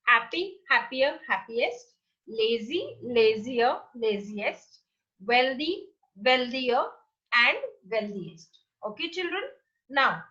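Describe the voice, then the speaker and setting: Indian English woman teacher, high and bright, patient and repetitive, slightly muffled home recording. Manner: slow, patient, repeats and spells out words. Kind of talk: recorded online grammar lesson.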